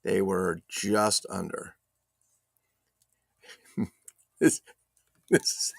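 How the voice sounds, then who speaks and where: A man's voice: fairly low pitch, lively intonation, measured pace, vocal fry, long pauses, fairly bright tone. A man hosting a casual live stream, joking loosely, swearing and reading viewer chat aloud. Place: home streaming setup.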